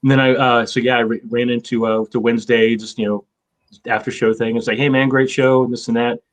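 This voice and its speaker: A man's voice: medium pitch, flat delivery, fast talker. A man in his fifties, hosting a casual chat, rambling with lots of fillers and swearing. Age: 50s. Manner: rambling, profane, with many fillers. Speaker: show host.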